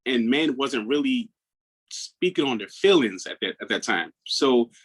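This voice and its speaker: A man in his thirties from Maryland, a guest on an interview who speaks earnestly and reflectively, often dropping into a hushed tone. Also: medium pitch, expressive, a little slow, rough recording. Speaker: guest, mental health coach. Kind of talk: personal storytelling in an interview.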